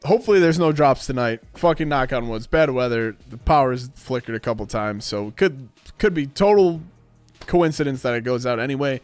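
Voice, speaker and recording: A man's voice: medium pitch, a little fast, no echo, faint music behind. A man in his thirties ranting to his live stream chat, swearing and acting out the people he quotes. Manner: animated, swears a lot, acts out quoted voices. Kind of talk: casual rant to stream chat. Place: home streaming room.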